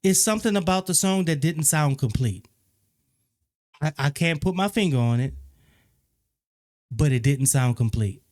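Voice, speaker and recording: A man's voice: on the high side, moderate pace, pauses often. Opinionated man reviewing an album. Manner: opinionated, repeats phrases, animated when critical. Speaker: music reviewer. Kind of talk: casual spoken album review.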